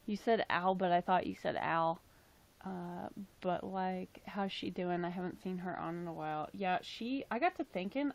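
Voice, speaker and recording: A young woman casually chatting on a livestream, rambling with lots of fillers and self-deprecating asides. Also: mid-range voice. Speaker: livestream host.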